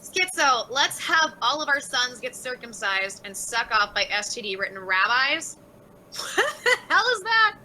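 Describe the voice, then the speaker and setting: High, lively, sharp-voiced woman streamer. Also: unhurried, a little hiss or hum, rough recording. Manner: blunt, profane and exasperated. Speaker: livestreamer reading chat. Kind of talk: casual livestream chat.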